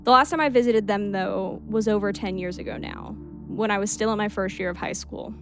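Woman narrator, creepy story read aloud, steady telling, casual asides, faint music underneath. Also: mid-range voice, brisk.

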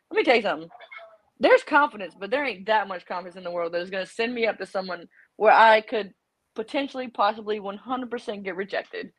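A woman's voice: mid-range voice, no echo, rough recording. A young adult woman, a podcast guest, telling brash, joking stories in casual chat.

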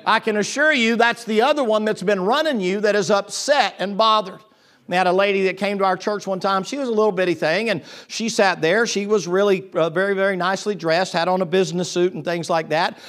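High-voiced preacher. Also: male voice, fairly quick. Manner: swings from low confiding tones to loud excited preaching, with restarts. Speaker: pastor. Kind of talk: sermon.

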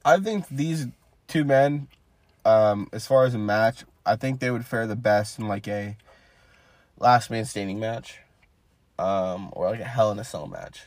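A man's voice: fairly low pitch, a little slow, no echo. A man co-hosting a podcast, giving a rambling, casual play-by-play recap with lots of filler. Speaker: podcast co-host.

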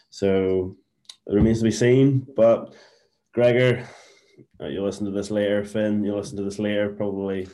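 A man's voice: on the low side, dark tone. A man co-hosting a casual rugby podcast, giving easygoing predictions. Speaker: podcast co-host.

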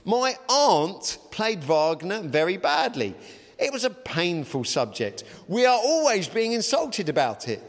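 A man voicing an indignant gentleman who takes offence at everything, reading aloud in a reverberant hall. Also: sits high, sing-song, measured pace, exaggerated voice. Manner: reckless, indignant, earnest. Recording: long reverb of a large hall.

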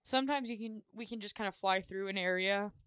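A woman co-hosting a casual podcast from home, easygoing and quick to laugh. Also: mid-range voice, a bit bright, clear, resonant tone, no echo, studio quality. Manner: giggly, easygoing. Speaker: podcast co-host. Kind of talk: casual chat. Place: home room.

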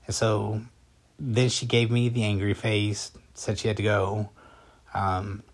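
A man casually telling a personal story as a vlogger, rambling and conversational with a calm, matter-of-fact delivery. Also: fairly low pitch, slow. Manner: rambling and conversational, with frequent fillers and restarts.

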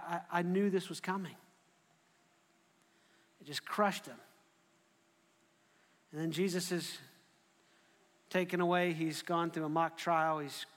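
High-voiced male preacher in an echoey hall. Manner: animated storytelling, often restarting phrases. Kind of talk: sermon.

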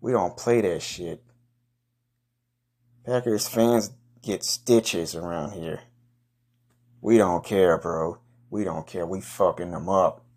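A man hosting a comedy podcast, giving a crude, boastful hype monologue full of rowdy trash talk and loud whoops. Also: low-pitched, takes it slowly, long pauses.

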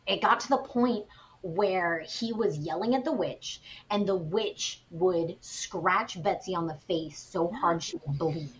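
A woman co-hosting a podcast, retelling a spooky story in a casual, animated way with plenty of fillers. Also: lowish voice, unhurried, dull audio, slight background noise. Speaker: podcast co-host.

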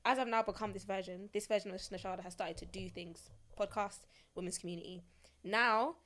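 A woman podcast host in a casual chat, talking quickly and animatedly. Her voice sits in a middle register, and her lines run together at a brisk, eager pace. She laughs easily as she works through her thoughts. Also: medium pitch, steady tone, a bit bright.

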